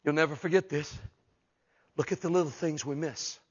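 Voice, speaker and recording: A man preaching a humorous sermon, acting out voices and shouting for emphasis. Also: fairly high pitch, normal speed, breathy edge, muffled recording. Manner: animated, jokes and acts out voices, shouts for emphasis.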